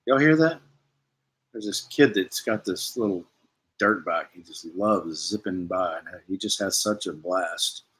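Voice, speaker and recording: Husky man chatting on a livestream. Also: sits low, unhurried, fairly bright tone. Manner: rambling, self-deprecating, stops to answer chat. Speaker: livestream host. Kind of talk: casual live stream chat reading comments.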